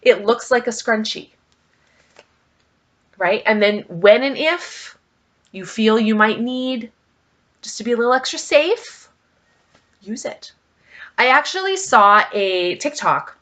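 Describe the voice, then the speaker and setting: Chatty lady vlogging, bright tone, lots of likes and ums. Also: a little high, expressive, takes it slowly, pauses often. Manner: chatty storytelling, many fillers; emphatic asides. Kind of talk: casual vlog chat.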